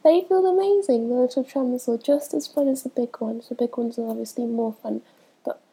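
Stuffy young woman with a dark, gravelly voice. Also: on the high side, brisk, rough recording. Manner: hesitant, many ums, laughs between answers. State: stuffy from a cold. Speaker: vlogger answering a questionnaire. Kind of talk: casual chat.

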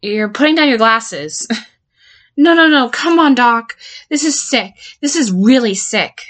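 A woman's voice: a little high, lively intonation, a little slow, a bit bright. A woman playing a volatile patient who blackmails her therapist, stammering and swearing as she swings between threats and pleading in an audio drama monologue. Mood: rattled, confused.

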